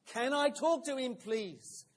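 A man's voice: very high-pitched, animated, slow pace, exaggerated voice. A man voicing a frustrated company boss on the phone, pleading and insistent. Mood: urgent. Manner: urgent, pleading, insistent questions.

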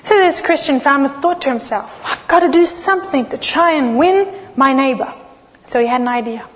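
A woman preaching a sermon, telling stories expressively and slowing down for dramatic pauses. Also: sits high, animated. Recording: long reverb of a large hall.

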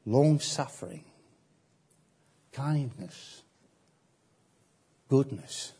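Slow, husky-voiced male preacher. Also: mid-range voice, animated, mellow. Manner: slow, emphatic, with frequent repeats and pauses. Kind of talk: sermon.

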